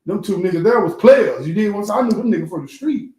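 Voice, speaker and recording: A man's voice: high-pitched, quick pace. A man hosting a casual street talk, telling stories with lots of cursing and repeated words. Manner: animated storytelling, repeats words, heavy cursing. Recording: echoey room.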